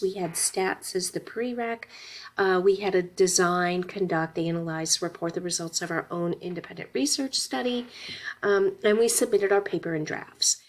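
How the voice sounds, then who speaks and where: A middle-aged woman gives a conversational college lecture in a gravelly voice with noticeable vocal fry. She mixes personal stories with advice and checks in with her students as she talks. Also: mid-range voice. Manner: conversational, personal storytelling, tag questions. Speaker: college instructor. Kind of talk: recorded lecture.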